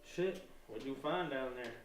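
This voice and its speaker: A man's voice: medium pitch, a little slow, a little hiss or hum, lightly acted. A man reading the part of a wary male contractor, speaking hesitantly and uneasily at a live script reading. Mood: uneasy. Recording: roomy stage sound from far off.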